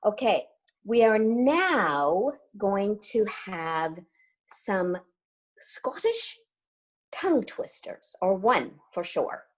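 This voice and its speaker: A woman's voice: medium pitch, lively intonation, drawn-out words. A woman hosting an online session, enthusiastically handing over to the next guest. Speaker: host.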